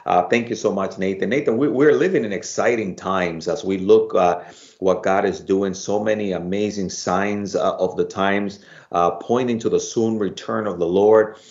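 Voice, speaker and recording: A man's voice: deep voice, moderate pace, highs cut off. A man with a Bronx Spanish accent hosting a Bible study program, chatting casually with many fillers. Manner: warm, laughs easily, many "uh" fillers.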